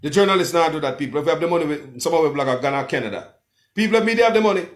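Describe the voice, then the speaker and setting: A man's voice: a little high, expressive, racing. Impassioned Jamaican man on a livestream. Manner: impassioned, keeps calling out to viewers as people. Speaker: blogger hosting a livestream. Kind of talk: livestream commentary with a phone-in guest.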